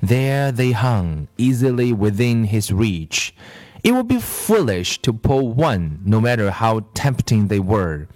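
A man reading a children's story aloud in an expressive, measured manner. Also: lowish voice. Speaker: narrator.

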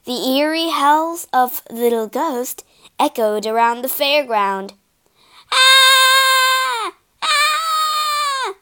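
Woman reading a kids story, high voice, slow and expressive. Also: clear, resonant tone. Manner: expressive, animated narration.

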